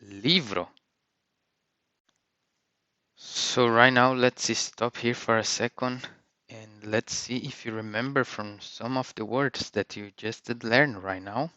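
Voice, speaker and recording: A man teaching vocabulary in a lesson, saying each word slowly and clearly and repeating it twice. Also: mid-range voice, steady tone, bright, forceful tone, no room sound, highs cut off. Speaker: language teacher.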